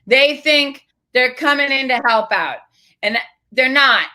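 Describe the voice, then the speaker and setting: A woman co-hosting a comedy telethon, quick with teasing retorts. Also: high voice, sharp tone. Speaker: co-host and singer. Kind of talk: improvised comedy banter.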